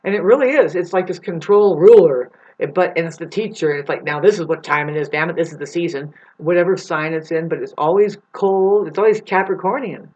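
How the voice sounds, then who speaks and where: A woman vlogger with a slightly low voice rambles through a spiritual monologue filled with swearing, talking a little fast with few pauses. She shifts between soft asides and loud bursts, and the recording sounds dull and lo-fi.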